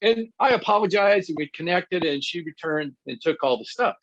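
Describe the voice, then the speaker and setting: A man's voice: high-pitched, normal speed. A middle-aged man, a guest pastor and counselor, teaching conversationally through personal stories and laughing at himself. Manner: animated storyteller who laughs at himself. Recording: dull lo-fi dry sound.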